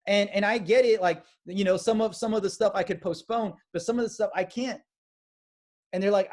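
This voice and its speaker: A man giving a motivational sales training talk, energetic and acting out quoted conversations. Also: high voice, a little fast. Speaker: business trainer.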